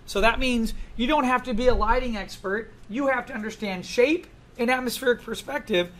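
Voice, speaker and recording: Animated man lecturing a class, high voice. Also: moderate pace. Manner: animated, asks the class many questions. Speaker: art instructor.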